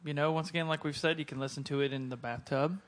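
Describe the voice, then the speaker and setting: A man co-hosting a wrestling podcast, chiming in with quick jokey remarks. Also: on the high side, steady tone. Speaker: podcast co-host. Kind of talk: casual podcast chat.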